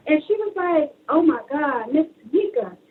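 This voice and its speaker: A woman's voice: high voice, takes it slowly. A woman guest author telling stories in a casual interview, acting out the voices of the people she talks about. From Brooklyn, New York. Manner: animated storyteller acting out quoted dialogue, laughing and tearful at times. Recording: tinny phone line.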